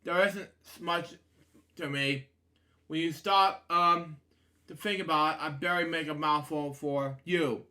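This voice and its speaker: A man reading aloud and voicing a small mouse that pleads not to be eaten, in a halting, hesitant way. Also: on the high side, steady tone, pushed and bright. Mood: pleading.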